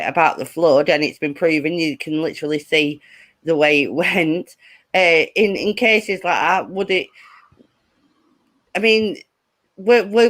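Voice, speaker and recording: A speaker with a Lancashire accent from northwest England, telling a story as a guest in a casual chat. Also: mid-range voice. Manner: lively anecdote-telling, many fillers.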